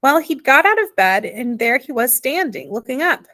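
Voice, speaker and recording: A woman's voice: high voice, big pitch swings, bright, forceful tone, pitched above the performer's own voice, exaggerated voice. A woman doing a plain-spoken little father. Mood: explaining. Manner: rambling, homely grammar, explaining slowly. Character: small homely father, plain-spoken and patient. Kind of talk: audiobook character reading.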